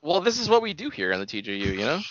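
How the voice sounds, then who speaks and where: A man's voice: a little high, rapid-fire, no room sound. Podcast co-host, male, casual and rambling, dry close sound, slightly dull audio. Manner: animated, rambling, laughs often. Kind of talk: casual chat about movies.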